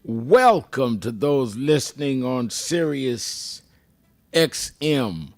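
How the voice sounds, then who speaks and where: An older man hosting a radio talk show with a slow, emphatic, measured delivery. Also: medium pitch, very animated, a little mellow.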